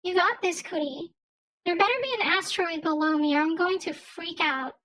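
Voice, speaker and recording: A woman's voice: very high voice, moderate pace, fairly bright tone, dry recording. A woman streaming a game and chatting casually, rambling and repeating words while she thinks.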